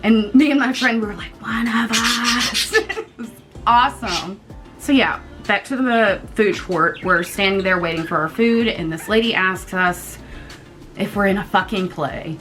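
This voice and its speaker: A young woman from the United States, casually telling a storytime vlog in an animated, chatty way and swearing freely. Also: medium pitch, normal speed, music in the background. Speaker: vlogger.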